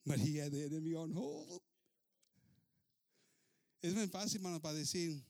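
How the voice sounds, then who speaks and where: A man preaching a sermon as a story, animated, moving between English and Spanish. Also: on the high side, normal speed, creaky, pauses often, dry recording.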